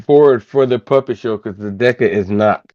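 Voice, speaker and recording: A player chatting in an animated, quick manner at a tabletop game, on a dull lo-fi recording. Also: medium pitch, dry recording. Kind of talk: casual chat at a tabletop game.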